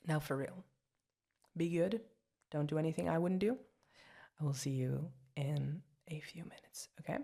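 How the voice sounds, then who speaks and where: A woman's voice: fairly low pitch, moderate pace, gravelly, long pauses, warm tone. A young woman voicing an apologetic, chatty girlfriend in an ASMR girlfriend role-play, rambling and giggly. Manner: rambling, giggly and self-deprecating. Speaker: voice actress.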